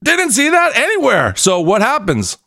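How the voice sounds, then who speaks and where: A man hosting a soccer podcast in a comedic rant, sarcastic, swinging between shouted lines and muttered asides. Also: very high voice, wildly swooping pitch, normal speed, gravelly, no echo, studio quality.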